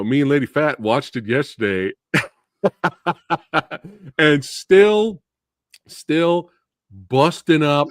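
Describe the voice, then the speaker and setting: A man hosting a casual movie discussion show, excitable and laughing often as he talks. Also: mid-range voice, no echo, studio quality. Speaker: podcast host.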